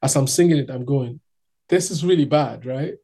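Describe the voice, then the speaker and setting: Gravelly-voiced man telling a story. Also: mid-range voice, moderate pace. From Nigeria. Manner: animated, acts out other people's voices. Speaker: street singer telling his story. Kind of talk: casual storytelling.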